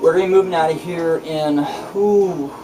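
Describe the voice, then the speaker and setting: A man's voice: fairly high pitch, steady tone, normal speed. A man rambling through a casual vlog monologue, boastful and profane, full of restarts. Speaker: channel host. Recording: distant mic with loud music behind.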